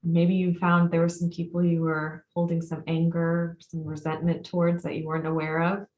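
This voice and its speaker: A woman facilitator leading a group through a guided release exercise, speaking calmly and repeating her prompts with pauses. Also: lowish voice. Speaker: workshop facilitator and coach. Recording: echoey room sound.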